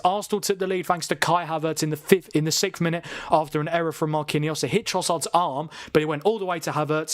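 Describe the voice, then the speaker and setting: Excitable man hosting a watchalong. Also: no echo, studio quality. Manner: chatty and excitable, jumping to loud high calls at big chances. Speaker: watchalong host. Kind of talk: live football watchalong commentary. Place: room at home, family downstairs.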